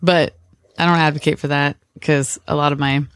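A man's voice: fairly high pitch, level tone, normal speed, fairly bright tone, smooth. A man in casual podcast chat, a wry laid-back storyteller who swears casually. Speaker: podcast regular.

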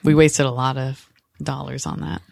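Gravelly laid-back man telling stories. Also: medium pitch, flat delivery, moderate pace, dry recording, studio quality. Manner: wry, laid-back storyteller, swears casually. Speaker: podcast regular. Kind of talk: casual chat.

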